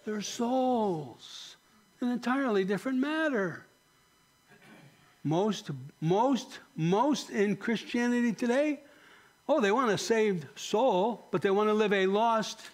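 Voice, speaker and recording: A male pastor preaching with passion, his high voice climbing on pointed questions before falling to a near-hush. The delivery is a fervent sermon, by turns urgent and sorrowful. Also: slow. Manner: impassioned preaching, rising to emphatic high questions then dropping soft.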